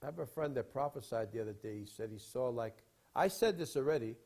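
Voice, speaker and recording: A man preaching in a rambling storytelling style, emphatic, with sudden swings from loud to quiet. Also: mid-range voice, expressive, fast talker. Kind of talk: sermon storytelling.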